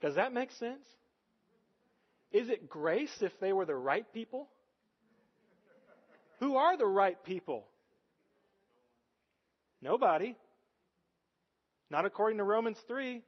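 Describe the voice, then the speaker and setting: A man's voice: high-pitched, lively intonation, slow, pauses often, dull audio. A man preaching a sermon as pastor, earnest and conversational, often putting rhetorical questions to the congregation.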